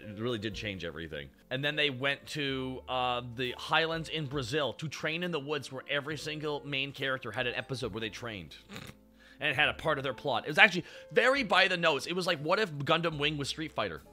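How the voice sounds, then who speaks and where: A man hosting a casual chat and reviewing robot designs, excitable and rambling, and swearing freely as he goes. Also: medium pitch, fairly quick. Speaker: show host.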